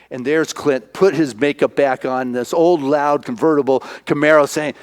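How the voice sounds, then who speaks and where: A male minister preaching, retelling a film as an animated storyteller who acts out the voices. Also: mid-range voice, normal speed, few pauses.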